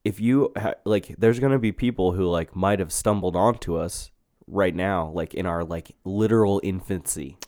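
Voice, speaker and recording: A man's voice: low voice, moderate pace, dark tone, dry recording, studio quality. A young man co-hosting a podcast, chatting loosely, joking and swearing with his co-host. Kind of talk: casual podcast chat. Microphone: podcast mic.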